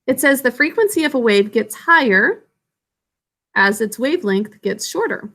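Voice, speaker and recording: A woman teacher giving a classroom science lesson, explaining slowly and patiently to children. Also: a little high, animated, sharp tone.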